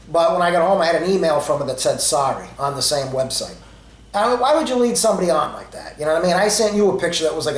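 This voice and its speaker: A man's voice: fairly high pitch, echoey room, poor audio. A man, in his forties, telling his dating stories in a rambling, conversational way, full of fillers and quoted dialogue. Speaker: storyteller. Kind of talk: casual storytelling.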